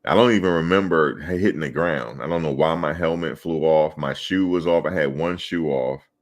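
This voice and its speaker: Talking at a normal pace, this man has an extremely low-pitched voice. As a podcast co-host in casual sports conversation, he trades profane, loose football stories, laughing along the way.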